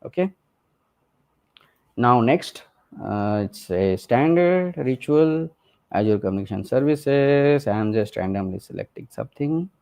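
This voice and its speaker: A man presenting a technical walkthrough of a software demo, speaking conversationally with many fillers and "okay" and "right?" checks. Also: mid-range voice, expressive, a little slow, vocal fry.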